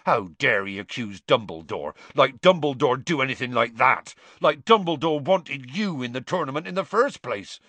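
A man's voice: medium pitch, expressive, moderate pace, hardly any pauses, sharp tone, dry recording, pitched above the performer's own voice. A man doing Hagrid, a growling hot-tempered giant. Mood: indignant. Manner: growling, blunt and indignant. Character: gruff giant male gamekeeper, hot-tempered.

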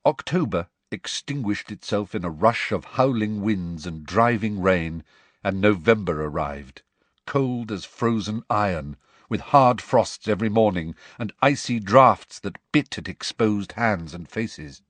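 Husky man reading a storybook. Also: fairly low pitch, a little slow, no room sound. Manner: expressive storytelling. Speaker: narrator. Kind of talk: audiobook narration.

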